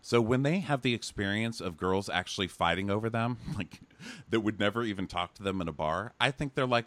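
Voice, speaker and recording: Podcast co-host, man, lowish voice, snarky and cussing, dry close sound. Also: lively intonation, brisk, a bit bright, no room sound. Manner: sarcastic, swears freely. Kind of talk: casual chat recapping a reality show.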